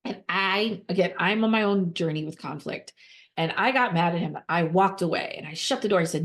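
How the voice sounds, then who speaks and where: Speaking in a mid-range voice, this nonprofit fundraising consultant gives advice in a conversational podcast style. Her delivery is emphatic and repetitive, full of rapid restarts and rhetorical questions.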